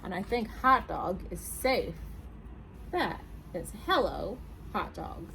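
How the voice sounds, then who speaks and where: A woman, a children's librarian, reading picture books aloud at a storytime, animated and asking her young listeners questions. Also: medium pitch, takes it slowly, gravelly, slight background noise, poor audio.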